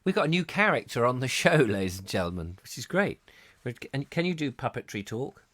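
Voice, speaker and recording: Playful male host, bouncy and animated, rambling comic banter. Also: mid-range voice, fairly quick. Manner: jokey, playful, rambling asides. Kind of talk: comic live chat show.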